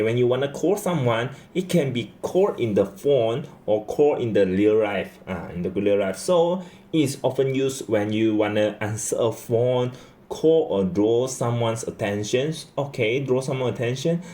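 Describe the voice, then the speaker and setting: A man teaching Chinese grammar in English, who repeats his key phrases and keeps checking in with "okay?". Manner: lively rising and falling pitch. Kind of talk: slow classroom explanation.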